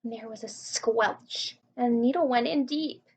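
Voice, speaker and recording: A woman reading a children's book aloud in an unhurried, lightly expressive way. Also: fairly high pitch, breathy edge. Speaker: reader. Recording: muffled lo-fi recording.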